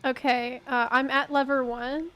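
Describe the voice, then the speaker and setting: A woman chats casually with her teammates during a game stream. Her voice sits high and she speaks at a relaxed, slow pace. She is playful and giggles often. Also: soft background music. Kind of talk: casual chat while gaming.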